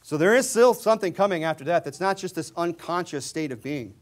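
Male preacher, slightly high voice, fiery and emphatic, mocks opposing views, big swings in volume. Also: expressive, brisk. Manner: rising to loud emphatic shouts when reading scripture; mocking, mimics opponents' views. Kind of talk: sermon.

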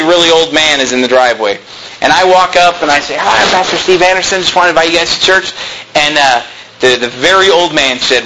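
Animated bright-voiced male preacher. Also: on the high side, slight background noise, low-quality recording. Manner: animated storytelling, quoting dialogue, sarcastic asides. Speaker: pastor. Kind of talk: preaching sermon with anecdotes.

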